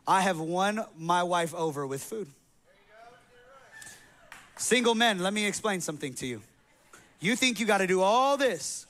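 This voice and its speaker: In a church sanctuary, a male pastor preaching a sermon tells his congregation a humorous personal story in a casual, slangy, conversational way. His voice sits high and sounds pushed and bright.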